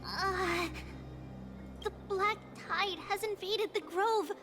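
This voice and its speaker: An actress voicing a gentle, earnest young woman healer with a British accent in a video game. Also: very high-pitched, slow, full character voice. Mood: worried. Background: game music.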